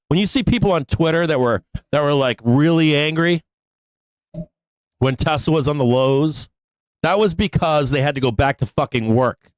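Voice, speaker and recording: Male live-stream market host, profane and pleading, raised pitch, dead-dry sound. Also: normal speed, no echo. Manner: exasperated, profane, pleading with viewers, laughs often. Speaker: stock trading show host. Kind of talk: live trading show rant.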